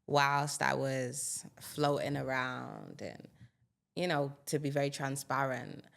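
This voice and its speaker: Very low, gravelly-voiced woman. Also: fairly even intonation, takes it slowly. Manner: reflective, open, personal. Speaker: guest, singer. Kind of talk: candid interview conversation.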